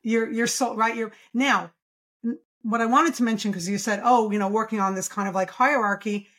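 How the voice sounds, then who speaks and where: Brief: woman, pediatric speech therapist guest, eager and emphatic, voice sits a little high. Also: moderate pace, a bit bright. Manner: enthusiastic, emphatic, explains with rhetorical questions. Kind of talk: podcast interview.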